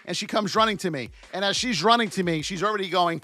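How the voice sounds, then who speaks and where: A man teaching stock trading while reviewing charts live, in an excitable, playful way with frequent exclamations. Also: high voice, brisk, dry recording, soft background music. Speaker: trading educator.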